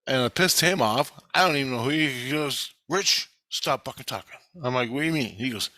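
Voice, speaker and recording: A man's voice: mid-range voice, animated, moderate pace, sharp tone, no echo. A man telling a rambling, agitated, profanity-filled story about his own experiences and acting out what others said to him in his own voice. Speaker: vlogger recounting experiences. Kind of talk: rambling first-person story.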